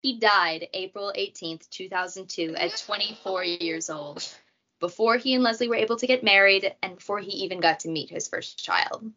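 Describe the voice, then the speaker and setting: A woman's voice: mid-range voice, normal speed, bright, forceful tone. A woman hosting a casual true crime podcast, chatty and jokey, with asides. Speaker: podcast host. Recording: dull lo-fi audio.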